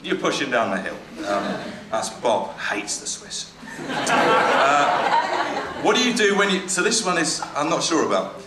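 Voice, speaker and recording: Guy reading jokes on stage, dry, umming a lot, boomy room, noisy background. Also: very animated, measured pace. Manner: hesitant, dry, lots of ums and trailing asides. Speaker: stand-up comedian reading jokes. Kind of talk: deadpan stand-up reading. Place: comedy venue stage. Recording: echoey room with background noise. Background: audience laughter.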